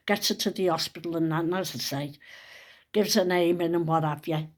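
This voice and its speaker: A woman's voice: fairly low pitch, moderate pace. Older woman vlogging, rambling chatty storyteller, swears freely. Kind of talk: casual storytelling monologue.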